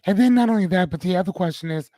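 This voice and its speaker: A man hosting a casual live-stream chat, animated and repeating his questions to the guests. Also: high voice, rapid-fire, no echo. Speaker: host.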